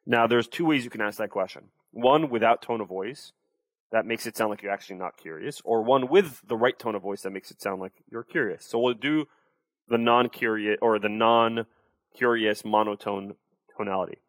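A man's voice: fairly low pitch, normal speed, no room sound. A young adult man, a sales coach, explaining and demonstrating tones of voice in a casual interview.

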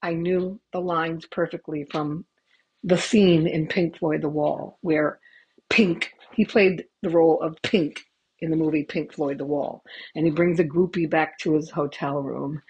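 A woman's voice: low voice, steady tone, a little slow, darkish tone, husky, poor audio. A middle-aged woman telling stories casually into a headset microphone as a podcast host, chatty and swearing, with laughing asides. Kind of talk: casual storytelling.

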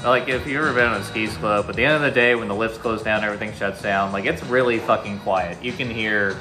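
A man's voice: on the low side, fast, over music. A man co-hosting a podcast in a garage, telling a casual anecdote with laughs and swearing. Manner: laughing, loose anecdote with profanity. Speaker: podcast co-host. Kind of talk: casual storytelling. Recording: echoey garage, faint ambience.

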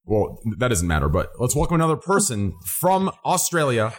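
A man hosting a charity livestream, introducing guests in an excitable, rambling way with lots of fillers. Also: mid-range voice, normal speed. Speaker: charity stream host. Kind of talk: casual chat.

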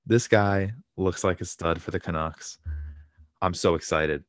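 Stuck at home with a fractured shin, this young podcast co-host talks sports in a deep, unhurried voice with no echo. He's excitable and casual, cursing and laughing as his stories get him worked up.

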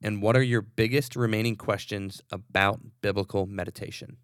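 A man hosting a podcast, relaxed and affirming, with many fillers as he talks. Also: lowish voice, normal speed, no echo, clean studio sound. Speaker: podcast host. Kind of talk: casual podcast talk.

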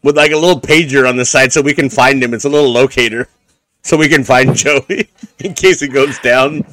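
A man's voice: medium pitch, fairly quick, fairly bright tone, no echo. Man, podcast co-host, casual joking banter, rambling, laughs a lot.

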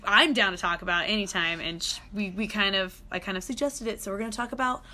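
A woman hosting a podcast, chatting casually with a friend, giggly and full of quick asides. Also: mid-range voice, sharp tone. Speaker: podcast host. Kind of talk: casual chat.

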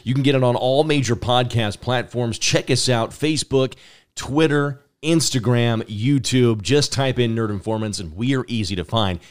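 A man's voice: medium pitch, moderate pace, smooth. A man hosting a casual podcast, enthusiastic and repeating words as he starts his thoughts. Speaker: podcast host.

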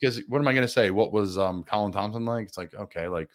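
A man's voice: on the low side, fast. A man hosting a casual sports interview, earnest and reflective, asking a lot of rhetorical questions. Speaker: podcast host, former player.

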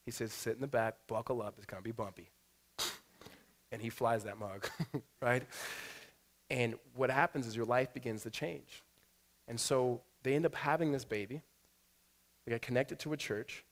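A man's voice: mid-range voice, moderate pace, long pauses. A middle-aged man, a pastor, preaching a sermon in a church, telling a personal story with many fillers and restarts, then leading a prayer. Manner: animated storyteller with fillers and restarts, rising to loud excitement.

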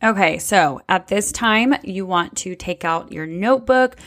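A woman's voice: medium pitch, expressive, measured pace, a bit bright. A woman hosting her own podcast as a brow technician, talking casually and chattily with many fillers. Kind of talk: casual solo podcast talk.

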